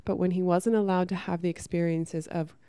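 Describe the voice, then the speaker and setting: A woman talking casually to camera about spiritual growth, chatty and soft, often saying "like" and restarting her sentences. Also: lowish voice, steady tone, a little fast, smooth, dry recording, studio quality. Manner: chatty, many "like" fillers and restarts.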